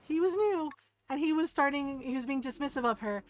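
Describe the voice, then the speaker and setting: Animated woman telling stories on a stream. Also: high voice, fairly quick, a little hiss or hum, low-quality recording. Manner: animated, laughs often, keeps asking "right?". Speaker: game streamer. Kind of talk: casual storytelling chat.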